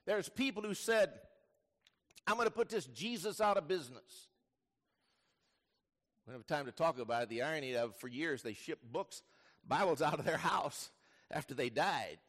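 A male pastor preaching a sermon, telling the story vividly, dropping to hushed lines and rising to loud bursts. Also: high-pitched. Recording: long reverb of a large hall.

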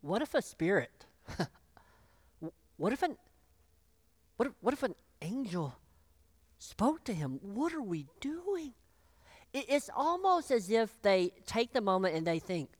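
A pastor preaching a sermon, acting out the voices of the people in the story, choked up and clearing their throat. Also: mid-range voice, slow pace, long pauses, no room sound, studio quality. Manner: animated, acts out voices of biblical figures.

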